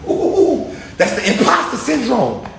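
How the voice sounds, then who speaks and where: Animated man preaching in slang. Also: high voice, moderate pace. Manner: animated, repetitive, slangy and conversational. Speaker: vlogger preaching. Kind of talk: casual street-style sermon. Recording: echoey room, faint ambient hum.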